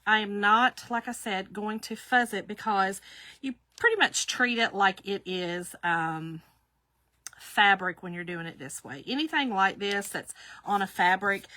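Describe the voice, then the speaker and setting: A woman's voice: medium pitch, unhurried, sharp tone. A middle-aged woman hosting a live craft demo, chatty and laughing often as she greets viewers by name. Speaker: craft livestream host.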